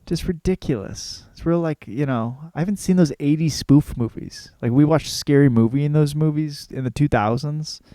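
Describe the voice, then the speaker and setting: A man's voice: fairly high pitch, moderate pace, hardly any pauses, mellow, no echo. A man hosting his podcast in a casual, crude, rambling comic monologue with plenty of fillers and cursing. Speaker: podcast host.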